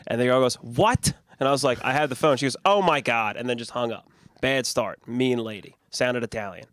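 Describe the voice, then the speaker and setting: A man's voice: mid-range voice, fairly even intonation, fast talker, a bit bright, dry recording, clean studio sound. A young man, podcast host, telling long rambling stories in casual chat and laughing often.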